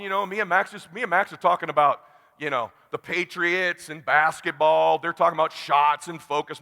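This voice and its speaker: A middle-aged man from California giving a motivational talk, blunt and animated, acting out the dialogue as he tells a personal story. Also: high-pitched. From California, USA. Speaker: keynote speaker. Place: large conference hall. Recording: long hall reverb.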